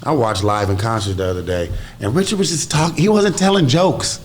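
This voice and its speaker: A man, an actor guest, chatting in a relaxed, storytelling way during an interview. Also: medium pitch, fairly quick, a little hiss or hum. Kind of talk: casual interview chat.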